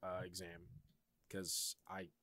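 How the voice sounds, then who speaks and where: Bright, profane man in casual banter. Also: low voice, monotone, takes it slowly, no echo. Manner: rambling, profane, laughs often.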